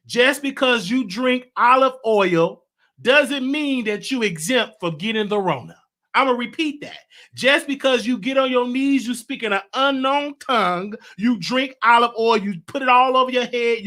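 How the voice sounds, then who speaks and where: Man, show host, casual monologue, very high voice, bright tone, repetitive restarts. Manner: animated, repetitive, stammering restarts.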